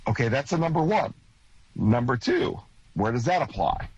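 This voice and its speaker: A man explaining casually in a halting way, full of fillers, acting out a court exchange. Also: medium pitch, big pitch swings, a little mellow, breathy edge, dry recording, muffled recording. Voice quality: hesitant, halting, many fillers.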